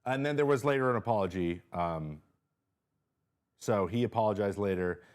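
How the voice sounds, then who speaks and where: A man hosting a casual live-stream chat from a small studio, animated, jumping high in pitch when he reacts, with lots of fillers and restarts. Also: normal speed, clean tone. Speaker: host.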